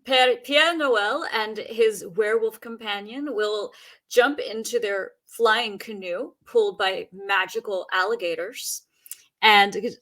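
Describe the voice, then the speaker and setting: A woman's voice: mid-range voice, fairly even intonation, measured pace, a bit bright. A woman on a podcast, chatting casually and retelling folklore with plenty of fillers. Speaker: podcast guest. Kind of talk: casual chat.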